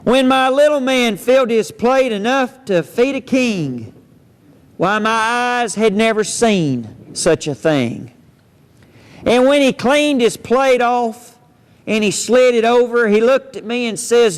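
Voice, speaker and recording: A man's voice: high voice, takes it slowly. A man, a cowboy storyteller reciting poems and tales for children in a folksy, playful drawl. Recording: long hall reverb.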